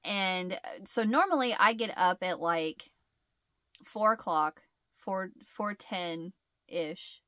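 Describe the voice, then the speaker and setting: A woman's voice: mid-range voice, slow pace, sharp tone, dry recording. A woman hosting a casual chat, rambling and laughing often, with a stuffed-up nasal sound. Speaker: host.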